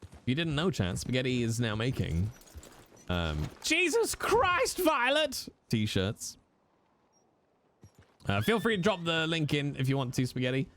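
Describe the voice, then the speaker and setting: A man's voice: medium pitch, sing-song, moderate pace, a little hiss or hum. A man, chatting casually with viewers on a live stream, jokey and teasing, with the odd swear.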